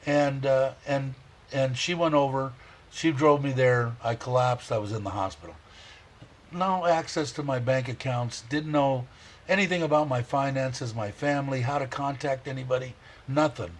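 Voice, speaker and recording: A man hosting a casual livestream, rambling warmly, chuckling and reading viewer comments aloud. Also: mid-range voice, moderate pace. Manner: heartfelt, chuckles often. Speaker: livestream host.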